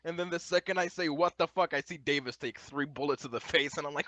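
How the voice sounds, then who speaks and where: A man in a casual voice chat, excitedly retelling a game mission with swearing and laughter. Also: fairly high pitch, fast, dry recording. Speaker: gamer.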